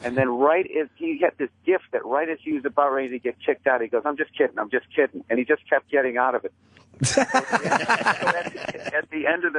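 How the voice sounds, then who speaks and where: A man telling stories in a casual chat, deadpan and self-mocking, calling in as a comedian guest. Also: medium pitch, dry recording. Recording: dry tinny phone line.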